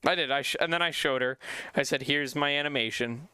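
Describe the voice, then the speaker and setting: A man's voice: fairly quick, clear, resonant tone, no echo. A young man streaming, telling a story in casual chat, acting out quotes and swearing casually. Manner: animated, acts out quotes with big pitch jumps; swears casually, repeats phrases.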